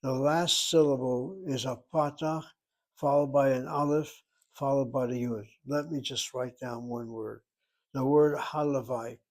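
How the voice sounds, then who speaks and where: An older man teaching a Hebrew class, patiently explaining and slowly spelling out words. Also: mid-range voice. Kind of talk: classroom lesson.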